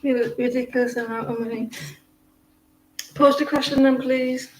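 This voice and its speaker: Woman doing live card readings, kinda high voice, rambly chatty, roomy echo. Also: flat delivery, moderate pace, a little mellow. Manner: chatty, rambling, laughs often. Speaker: live stream tarot reader. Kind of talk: casual live stream chat. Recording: echoey room, faint noise.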